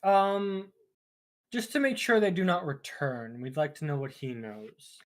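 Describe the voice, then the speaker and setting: A player in a tabletop role-play, speaking in character. Polite and a little hesitant, with frequent pauses. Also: mid-range voice.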